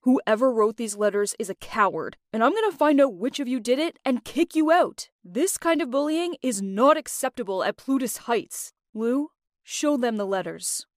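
A woman's voice: on the high side, expressive, moderate pace, dry recording, studio quality, lightly acted. A woman voicing a stern, commanding young man who speaks with authority.

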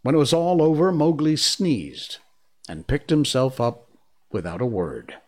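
A man narrating a classic storybook in a measured, hushed manner. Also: mid-range voice, expressive.

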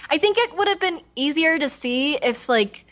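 A young woman talking openly as a podcast guest, earnest and animated, often acting out what others said to her. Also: high-pitched, normal speed. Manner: earnest, animated, acts out quoted voices. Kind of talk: candid podcast interview.

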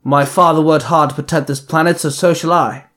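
A man voicing a cold, arrogant male assassin leader who speaks in a measured, condescending way in a fan audio story. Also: on the high side, fairly even intonation, fairly bright tone, close to an everyday voice.

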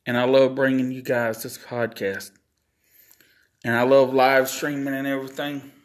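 A man talks alone into his podcast mic. He speaks slowly and deliberately, his words a little slurred. His delivery is earnest and plainspoken. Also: medium pitch, flat delivery. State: slurred speech from facial palsy. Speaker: podcast host. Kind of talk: solo podcast monologue.

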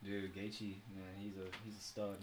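A young man in casual chat about fighting, relaxed, swearing and laughing freely. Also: on the low side, normal speed, background noise. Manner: laid-back, swears freely, laughs often. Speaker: podcast co-host, jiu-jitsu practitioner.

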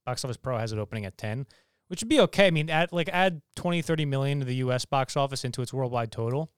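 A young man co-hosting a casual movie review chat, animated and quick with asides. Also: mid-range voice, smooth, dry recording, clean studio sound. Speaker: podcast co-host.

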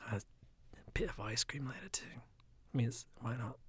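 A man with a raspy, phlegmy throat, talking in a soft, often half-whispered, rambling casual monologue. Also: mid-range voice, animated, brisk.

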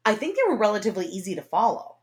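Chatty woman host with a lively, bouncing voice and an easy laugh. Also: medium pitch, very fast. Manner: animated, laughs often, chatty. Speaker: podcast host. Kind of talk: casual chat.

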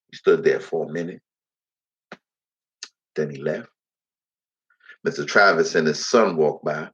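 A man's voice: extremely low pitch, unhurried, pauses often, a bit bright. A man telling a dramatic first-person story in heavy dialect, slipping into the voices of the people in it. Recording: dull lo-fi recording.

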